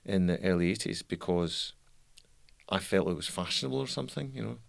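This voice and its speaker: Gravelly fast-talking man. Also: deep voice, no room sound. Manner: candid, restarts mid-sentence, swears. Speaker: musician interviewee. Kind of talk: reflective interview talk.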